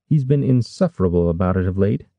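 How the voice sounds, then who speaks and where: A man voicing a sharp-tongued, suspicious young noblewoman with a curt manner. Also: deep voice, expressive, fast, no room sound. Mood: skeptical. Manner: curt, skeptical.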